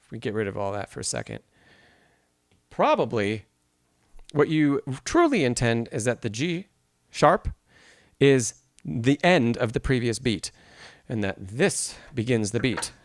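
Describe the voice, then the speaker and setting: A man's voice: medium pitch, big pitch swings, measured pace, pauses often, no echo. A man leads a live-streamed piano masterclass in a mid-range voice. He explains notation step by step, reads questions from the chat and answers them, and sings rhythms aloud to show a point. The sound is close and dry, with no room around it. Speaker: piano teacher.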